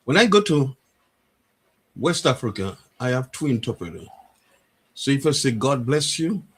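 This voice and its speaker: A man who tells animated stories in a casual radio discussion and acts out bits of dialogue. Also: medium pitch, normal speed, slightly rough.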